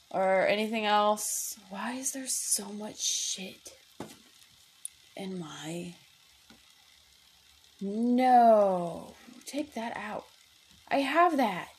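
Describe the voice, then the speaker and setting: A woman's voice: a little high, drawn-out words, pauses often, slightly rough. A young woman hosting her own podcast, rambling casually with lots of fillers, restarts and swearing. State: headache, distracted while playing a game. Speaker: podcast host. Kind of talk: casual chat.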